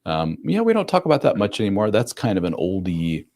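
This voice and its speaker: A man's voice: fairly low pitch, huge pitch swings, a little fast, a little mellow. A middle-aged man hosting a live chat, talking casually and bluntly, acting out the people he quotes. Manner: blunt, acts out quoted voices, fillers like "blah, blah". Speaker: livestream host answering chat.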